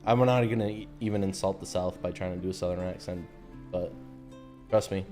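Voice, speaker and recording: Casting chatty American streamer, lowish relaxed voice, game music faint behind. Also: male voice, brisk. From United States. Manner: laid-back, chatty, slangy. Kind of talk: casual gameplay commentary.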